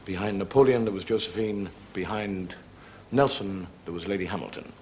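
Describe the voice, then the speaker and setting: A man's voice: deep voice, moderate pace, darkish tone, a little hiss or hum. An Irish man doing a stand-up comedy monologue in a dry, wry storytelling manner. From Ireland.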